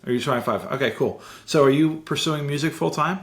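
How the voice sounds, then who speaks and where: A man's voice: on the high side, a little fast. A man hosting a casual guitar interview, easygoing and encouraging with his questions. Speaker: podcast host.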